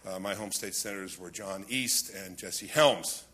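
A man's voice: sits low, unhurried, bright, forceful tone, slightly rough. A man in his sixties on a conference panel, telling anecdotes with wry, self-deprecating humor and the odd chuckle. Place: conference roundtable.

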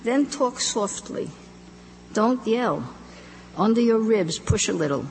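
A fussy, tender old father lectures his grown daughter on caring for herself, as a woman reads his lines aloud in a live story reading. His voice is gravelly and a touch higher than the reader's own. It rings with a long hall echo over a faint hum. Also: animated, slow pace, darkish tone, heavily acted. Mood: lecturing. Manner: earnest, insistent advice-giving.

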